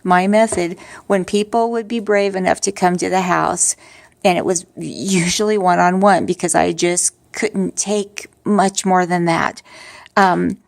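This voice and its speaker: Low-pitched and creaky, her voice keeps fairly even intonation and a measured pace as this middle-aged vlogger candidly discusses her grief. She sounds tired, restarts often, and drops wry asides throughout the casual monologue.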